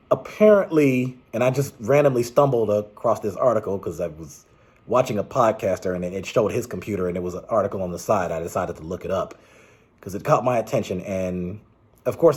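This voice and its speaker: A man's voice: on the low side, breathy edge. A man giving casual, rambling political commentary, exasperated and restarting his sentences often.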